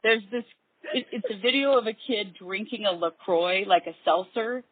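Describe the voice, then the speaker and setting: A woman's voice: mid-range voice, moderate pace, slightly rough, dry recording. A woman co-host telling a funny story in casual chat and giggling as she goes. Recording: tinny phone-like dry line.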